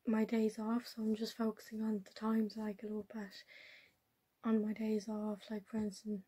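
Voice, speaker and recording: Soft-spoken young woman vlogging. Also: on the high side, slightly rough, rough recording. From Ireland. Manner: chatty, rambling with many ums, drifts into whispering. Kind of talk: casual vlog chat. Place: home bedroom, indoors.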